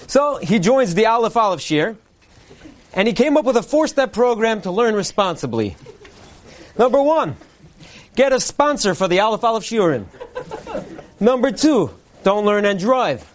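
A man delivering a parody Purim sermon, a mock-earnest preacher cadence and deadpan punchlines. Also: high-pitched, normal speed, long pauses. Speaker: comedian delivering a mock Purim Torah speech.

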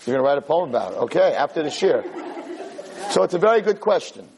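A man's voice: fairly high pitch, very animated, fast talker, darkish tone, rough recording. A man teaching a sermon on the weekly Torah portion, telling the story animatedly and mixing in Hebrew terms. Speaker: rabbi lecturer.

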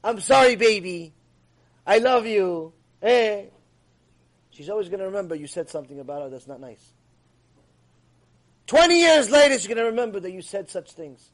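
A man giving an animated, emphatic ethics lecture as a Torah teacher. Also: high voice, fairly quick, long pauses.

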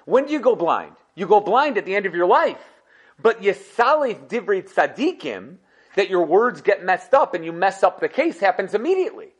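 A man teaching a casual Torah class, telling stories in an animated, conversational way. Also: high-pitched, moderate pace.

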